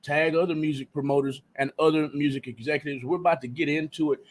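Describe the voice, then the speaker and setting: A man's voice: on the high side, fairly even intonation, fast talker. A man hosting a live radio talk show, chatting casually with loose, joking slang.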